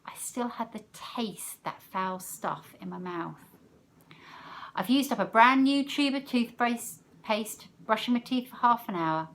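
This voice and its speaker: A woman teacher reading a novel aloud, expressive, letting her loudness rise and fall with the story. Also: a little high, measured pace, slight background noise.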